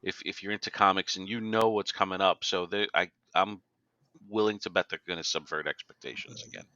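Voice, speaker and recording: A man's voice: deep voice, brisk, sharp tone, dry recording, muffled recording. A man co-hosting a podcast, casually pointing out references and teasing his friends. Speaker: podcast co-host. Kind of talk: casual TV recap chat.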